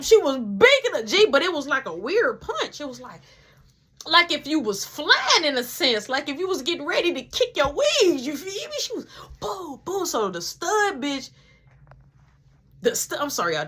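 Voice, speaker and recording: A woman recounting a story from her life in loose, slangy storytime talk, swearing freely. Her voice is bright and forceful and sits a little high. She keeps it lively. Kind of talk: casual storytime.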